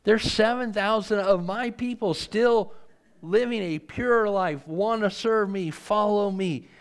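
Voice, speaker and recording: A man's voice: high voice, slow pace, smooth. A man preaching a sermon, reading scripture aloud and asking earnest rhetorical questions.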